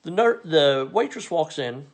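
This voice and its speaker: A comedian from Missouri telling a funny story in a dry, exasperated way, sometimes breaking into incredulous rants. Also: male voice, a little high, lively intonation, unhurried. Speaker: stand-up comedian.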